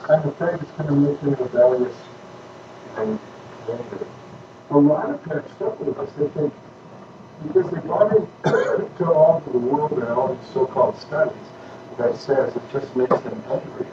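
A man's voice: a little high, moderate pace. A man teaching a church class on parenting, emphatic and conversational, often checking that his listeners follow. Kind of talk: informal teaching talk with questions. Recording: echoey room, distant mic, muffled, noisy.

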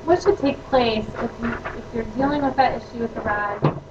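A woman's voice: fairly high pitch, moderate pace. A woman in a class audience asking a question hesitantly. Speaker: class participant. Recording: distant muffled mic with noise.

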